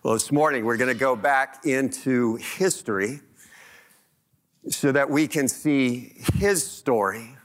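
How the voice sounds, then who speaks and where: A male pastor preaching a lively, conversational sermon, asking the congregation question after question. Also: mid-range voice, takes it slowly.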